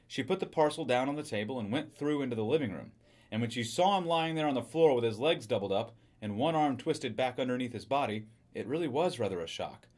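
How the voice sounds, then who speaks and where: A man reading a short story aloud in a steady, even storytelling manner. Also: mid-range voice, fairly quick. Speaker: reader.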